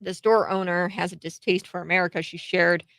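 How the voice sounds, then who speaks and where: A woman's voice: lowish voice, steady tone, a little fast, creaky, a bit bright, dry recording, poor audio. A woman hosting a commentary show, talking in a chatty, sarcastic way with many filler words and short laughs. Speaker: host. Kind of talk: political commentary.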